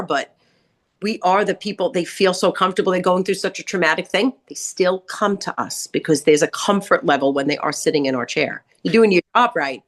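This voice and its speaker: A middle-aged woman telling salon stories in casual podcast chat, acting out quotes with big jumps in pitch. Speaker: guest author, salon owner.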